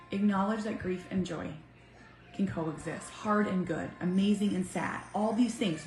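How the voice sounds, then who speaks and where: A woman in her thirties, a mother talking heartfelt and earnest to her viewers, swinging from soft to emphatic. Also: mid-range voice. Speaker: vlogger, mother. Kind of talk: heartfelt casual talk to camera. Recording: echoey room with faint music.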